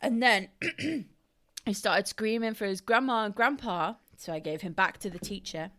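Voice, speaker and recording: A woman's voice: mid-range voice, moderate pace, fairly bright tone. A young woman co-hosting a casual podcast chat, laughing often and swearing freely as she tells stories. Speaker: podcast co-host.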